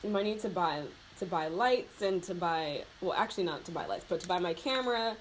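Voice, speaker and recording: This young beauty vlogger speaks a little fast with a fairly low pitch and lively intonation as she does her makeup and chats loosely. She's close to tears and heartfelt, with many fillers and bursts of laughter. The recording is rough, with slight background noise.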